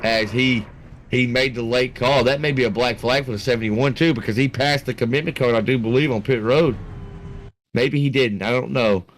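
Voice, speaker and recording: Excitable male race commentator. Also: mid-range voice, normal speed, slight background noise. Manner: excitable, rambling, talks to his producer. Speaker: sim racing commentator. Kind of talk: live play-by-play commentary.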